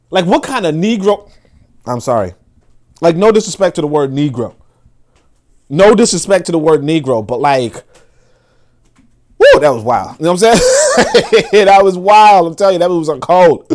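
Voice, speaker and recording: A man hosting a casual commentary livestream, profane and laughing often, swinging between loud outbursts and low mutters while talking to his chat. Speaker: livestream host reacting to a video.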